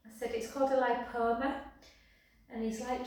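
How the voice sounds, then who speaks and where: Chatty pilates teacher, very echoey room. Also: female voice, a little high, moderate pace, darkish tone. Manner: chatty, drifts into anecdotes between counts. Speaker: pilates instructor. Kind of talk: live class instruction with counting. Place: her home exercise studio. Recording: very echoey room, mic far off.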